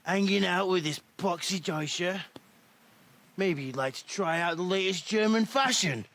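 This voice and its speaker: An actor playing a rowdy young village troublemaker in video game dialogue, mocking and jeering. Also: male voice, high-pitched, unhurried, a bit bright, a little hiss or hum.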